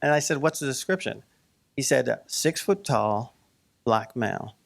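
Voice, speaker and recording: A man, a cartoonist, telling a story to a live audience in a conversational, animated way full of fillers, now and then rising to heated emphasis. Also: medium pitch, unhurried, creaky. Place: event hall.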